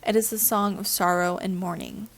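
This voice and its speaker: A woman reads a prepared literature lesson aloud in a steady, careful way. Her voice sits at a middle pitch and has a gravelly edge of fry. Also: normal speed. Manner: even, careful reading of a prepared script.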